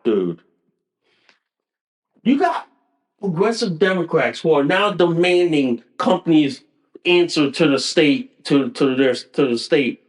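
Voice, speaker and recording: A male podcast host delivering a profane, repetitive, combative political rant, speaking directly to his listeners. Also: a little high. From Connecticut. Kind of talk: ranting political commentary.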